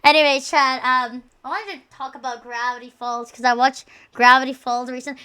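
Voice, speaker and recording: A young adult woman streaming and chatting casually, loud, crude and joking, swearing often. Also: sits high, steady tone, a little fast, few pauses.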